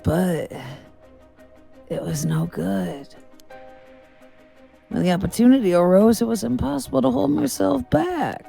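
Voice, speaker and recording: A woman's voice: on the high side, unhurried, vocal fry, long pauses, mellow, soft background music, pitched above the performer's own voice. A woman voicing a bitter, vengeful male ex-convict while reading game dialogue, snarling, taunting and swearing. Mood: menacing.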